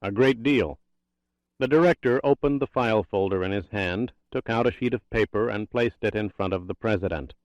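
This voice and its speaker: A man reading a thriller audiobook in a tense, steady narration. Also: on the low side, brisk, hardly any pauses, dry recording, lo-fi sound.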